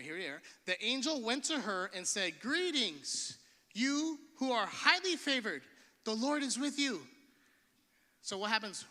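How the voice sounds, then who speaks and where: A man's voice: sits high, pushed and bright, long reverb tail. A man preaching a sermon from a church stage, casual and slangy, with many restarts. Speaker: pastor.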